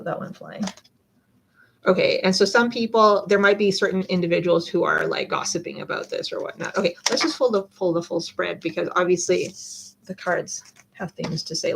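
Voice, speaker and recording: A woman's voice: lowish voice, gravelly, background noise. A woman doing a live tarot reading, chatting casually and rambling with lots of fillers and self-corrections. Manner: chatty, rambling, many fillers and self-interruptions, laughs often. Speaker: tarot reader.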